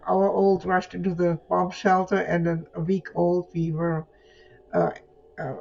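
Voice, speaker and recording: A woman's voice: fairly low pitch, vocal fry, a little mellow, slightly rough, highs cut off. A woman in her eighties from Germany with a German accent, chatting as an interview guest and rambling with fillers. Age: 80s.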